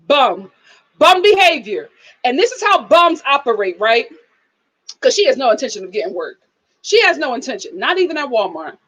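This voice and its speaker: Woman host of a live review stream, sassy and scolding, high voice that swings widely. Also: sing-song, normal speed, a bit bright, low-quality recording. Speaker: show host. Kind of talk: live reality-TV review, casual chat.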